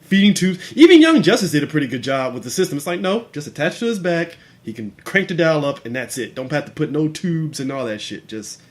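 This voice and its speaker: A man's voice: fairly high pitch, sing-song, fairly quick, few pauses. A man co-hosting a casual podcast chat about films, laid-back, swearing freely and laughing often. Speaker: podcast co-host.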